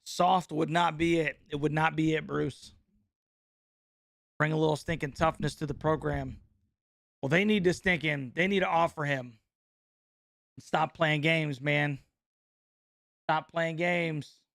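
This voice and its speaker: A man, hosting a casual live-stream reaction chat in an excitable, slangy way, laughing often and calling everyone bro. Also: a little high, unhurried, vocal fry, pauses often, dry recording, studio quality. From North Carolina.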